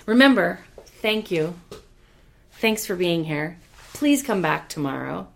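A woman hosting a motivational business talk, energetic and emphatic, repeating phrases for emphasis, casual with mild swearing. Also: lowish voice, slow, creaky. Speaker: podcast host and business leader.

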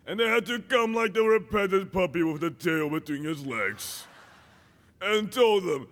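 Animated high-voiced male preacher in a hall. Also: measured pace. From Dominican Republic. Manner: animated, acts out dialogue, shouts at peaks. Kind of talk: sermon.

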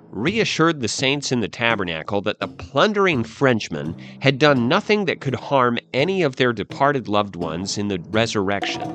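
A man telling a dark history story as scripted narration, with a dramatic, expressive delivery. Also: on the low side. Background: faint background music.

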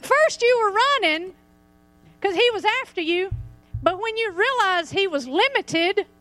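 A woman preaching a lively sermon, laughing and acting out little scenes as she talks. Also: extremely high pitch, a little slow, no echo, soft background music.

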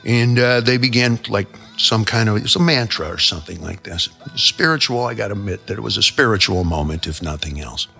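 A man's voice: fairly low pitch, lively intonation, brisk, vocal fry, hardly any pauses, sharp tone, soft background music. A male show host telling rambling comic stories in a brash, profane way. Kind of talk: comic storytelling monologue.

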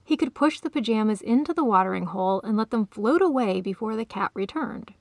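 Woman storyteller with a gravelly voice. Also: on the high side, animated, fairly quick, no echo, studio quality. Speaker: author and storyteller. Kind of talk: storybook narration.

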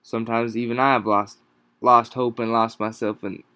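A man hosting a podcast from home without a proper microphone, exhausted and yawning, talking haltingly with many pauses and restarts. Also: mid-range voice, level tone, sharp tone, smooth, dry recording. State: exhausted, sleep-deprived. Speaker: podcast host. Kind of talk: casual solo podcast talk. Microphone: no proper microphone, home recording.

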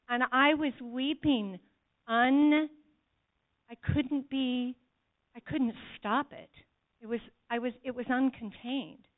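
A woman giving an earnest sermon testimony to a church congregation, speaking to them directly. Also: high voice. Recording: tinny phone-like sound.

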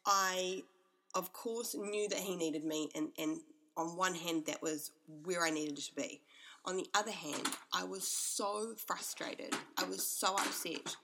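A woman's voice: low voice, gravelly, a bit bright, slight background noise. A woman hosting her own podcast from her home kitchen, talking candidly and heartfelt, rambling with lots of "like.". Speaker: podcast host. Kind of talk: candid personal monologue. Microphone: podcast microphone.

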